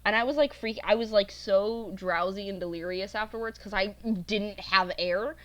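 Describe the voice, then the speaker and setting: A young woman chatting casually on a podcast. She tells stories in a lively way and acts out what everyone said with voices for each person. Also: medium pitch, normal speed. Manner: animated storytelling, acting out quoted voices. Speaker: podcast co-host. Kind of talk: casual chat.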